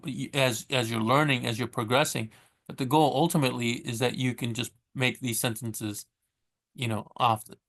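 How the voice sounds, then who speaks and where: A man giving a casual recorded language lesson. He talks in a loose, chatty way, trails off and corrects himself, and reads the Spanish example sentences slowly and carefully. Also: medium pitch, fairly bright tone. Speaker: Spanish teacher.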